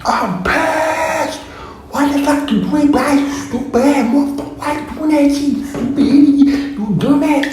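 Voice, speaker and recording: Guy acting out his angry teen self, screechy high yelling, super echoey room. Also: normal speed, music in the background. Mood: furious. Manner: cursing, high-pitched yelling. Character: furious shrieking teenage boy, his younger self.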